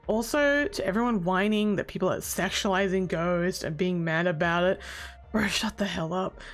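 A woman talking through a casual commentary video essay, brash and sarcastic, who swears freely and bursts into loud exasperated outbursts. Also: lowish voice, moderate pace.

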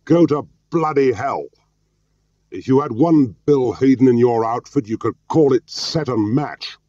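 A man with a very deep, gravelly voice playing an embittered middle-aged ex-spy who talks curtly and barks when angry, in a slightly muffled, dry recording. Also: lively intonation, a little slow, no echo, full character voice. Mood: furious shouting. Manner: gruff, barking, rising to shouts.

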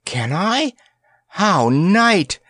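A man's voice: sits high, drawn-out words, breathy edge, dry recording, studio quality, voice pushed up, exaggerated voice. A man doing a trilling little princess. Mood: excited. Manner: trilling and excitable. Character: sweet little princess, girl.

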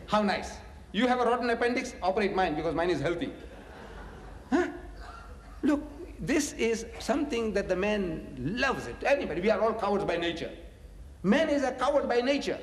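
This is a religious lecturer, a man with a high-pitched voice and a moderate pace, with slight background noise audible. Giving a public lecture on scripture, he tells stories in a lively way, chuckles, adds mocking asides and repeats phrases for emphasis, all under echoey hall reverb.

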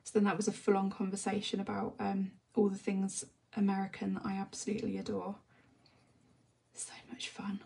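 An English woman chatting casually while she teaches colouring on a live stream, often sinking into a soft half-whisper as she works. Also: mid-range voice, vocal fry, recorded from a distance. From England. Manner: relaxed rambling chat, often drops to a soft half-whisper while working. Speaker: colouring tutor.

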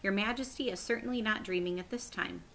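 A woman's voice: mid-range voice, quick pace, vocal fry, a bit bright, slight background noise. A woman reading aloud, voicing a flustered, bewildered palace maid.

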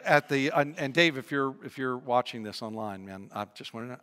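A male pastor preaching a sermon with animated storytelling, humor and frequent repetitions, in an echoey church hall. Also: medium pitch, brisk, few pauses, smooth.

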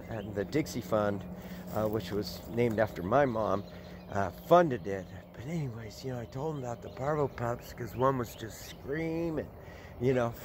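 An older man with a drawl rambles on in a casual vlog, his voice sitting at a middling pitch. He talks outdoors, and a faint wash of background noise runs under him. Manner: rambling, talks to puppies in a high cooing voice. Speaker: animal sanctuary owner. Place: outdoors at an animal sanctuary.

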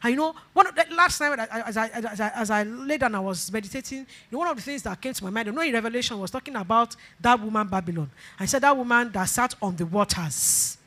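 A woman's voice: on the high side, quick pace, few pauses, pushed and bright. A woman pastor preaching a sermon, leading call-and-response, repeating phrases and breaking into emphatic bursts. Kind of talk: sermon exhortation.

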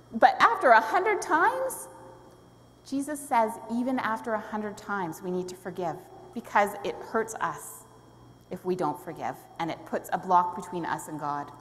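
A woman's voice: medium pitch, animated, measured pace. A woman leading a children's story in a church service, friendly and asking questions, laughing often. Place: church sanctuary. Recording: long hall reverb, faint room noise.

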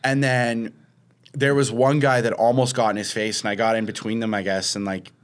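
A man's voice: medium pitch, little pitch movement, a little fast. A man, co-hosting a podcast and telling a story in casual chat, acting out quotes with a raised voice. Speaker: podcast co-host.

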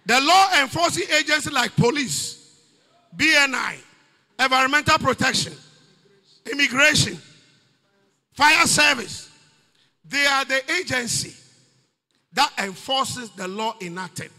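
A Ghanaian pastor preaching a sermon in a church, often shouting his points with rising emphasis. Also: very high voice, a little slow, long pauses, in a large hall.

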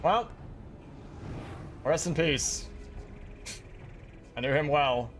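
A man giving casual, profane commentary while playing a game, excitable and laughing often. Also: fairly high pitch, drawn-out words, faint music behind. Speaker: streamer reacting to a game.

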